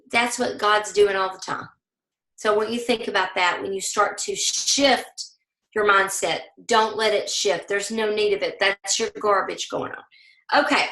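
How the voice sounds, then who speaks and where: A woman from the American South with a Southern accent, leading a motivational team call and talking fast, acting out the voices in people's heads. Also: mid-range voice, bright, forceful tone, reverberant, rough recording. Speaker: team leader.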